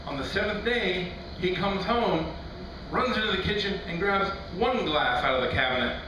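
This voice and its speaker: Stand-up comic in an echoey club. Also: male voice, high-pitched, lively intonation, normal speed. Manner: loose, conversational delivery with many fillers and acted-out quotes. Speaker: stand-up comedian. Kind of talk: stand-up routine. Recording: echoey room from far off, noisy.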